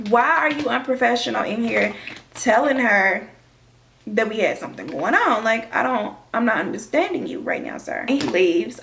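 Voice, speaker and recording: Young woman, vlogger, storytime, animated, swears a lot, gravelly fry. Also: mid-range voice, slight background noise. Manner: animated, profane, dramatic retelling. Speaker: beauty vlogger. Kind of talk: storytime chat during a makeup tutorial.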